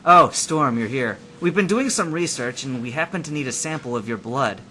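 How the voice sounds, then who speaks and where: A man's voice: mid-range voice, expressive, moderate pace, bright, forceful tone, a little hiss or hum. A man voicing a boisterous, teasing teenage boy who is turning into a dragon. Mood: serious.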